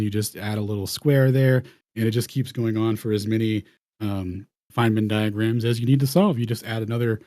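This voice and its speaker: A man's voice: medium pitch, warm tone, dry recording, clean studio sound. A man hosting a round table, talking casually and slangily over slides, rambling and restarting phrases. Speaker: host.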